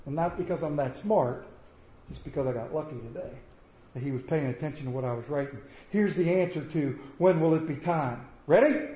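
A high-pitched male pastor preaches to his congregation in a roomy church, the sound echoing around him. His tone is mellow rather than bright, and he swings between loud, emphatic bursts and hushed, soft-spoken asides. Give it a warm, unhurried sermon feel.

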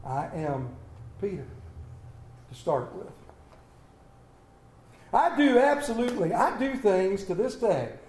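Impassioned preacher, high-pitched. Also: male voice, sing-song, slow pace, pauses often, a little hiss or hum. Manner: impassioned, swings from loud to hushed. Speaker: pastor. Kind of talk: sermon. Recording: echoey church room.

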